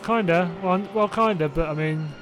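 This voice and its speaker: A man's voice: high voice, moderate pace, over music. A young man casually hosting a live sim racing watch-along, chatty and reacting aloud, laughing often. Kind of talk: casual live-stream chat.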